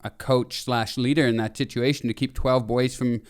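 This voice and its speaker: A man in his thirties co-hosts a casual podcast chat with a smooth, resonant voice at a middle pitch. He talks in animated bursts, laughs often and circles back to restart his thoughts. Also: moderate pace. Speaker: podcast co-host.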